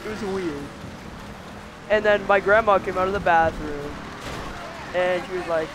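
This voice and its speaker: A young man telling a weird dream in casual podcast chat, excitable and full of "like". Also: sits high, measured pace, pauses often, background noise. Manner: excitable, lots of "like", laughing while telling. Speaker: podcast co-host.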